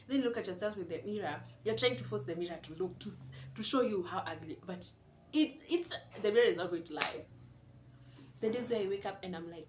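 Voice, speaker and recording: A woman's voice: medium pitch, fairly quick. A young woman speaks candidly to her camera, confiding and reflective. Her voice rings in an echoey room at home, with a faint hum of background noise. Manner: candid, confiding, mixes in Swahili words. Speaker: vlogger. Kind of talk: casual reflective monologue.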